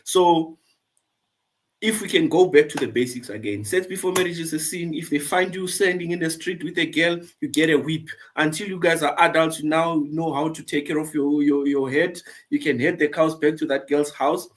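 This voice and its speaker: A man talks frankly and earnestly on a panel. His voice sits a little higher than most men's, and he speaks in the tone of someone giving sincere advice. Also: steady tone, normal speed, slight background noise. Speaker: panel guest. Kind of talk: candid personal panel talk.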